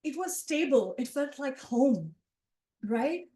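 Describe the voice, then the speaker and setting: Une conteuse d'une quarantaine d'années raconte un souvenir personnel devant un public, sur un ton animé et familier. Sa voix est assez aiguë. La salle renvoie un écho marqué. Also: female voice, high voice, slow, roomy sound. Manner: conversational, animated, with asides to the audience. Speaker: storyteller. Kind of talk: personal storytelling to a live audience. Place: event room with a live audience.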